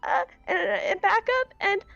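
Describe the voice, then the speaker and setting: A woman voicing a distraught young female apprentice who is crying and pleading in a high, breaking voice. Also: measured pace, vocal fry, a bit bright, lo-fi sound, heavily acted. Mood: sobbing.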